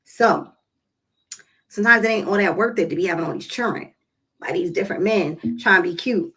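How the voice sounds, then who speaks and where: Woman vlogger, animated, emphatic casual storytelling, mid-range voice. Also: medium pitch, a little fast, husky, rough recording. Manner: animated, emphatic, talks straight to viewers.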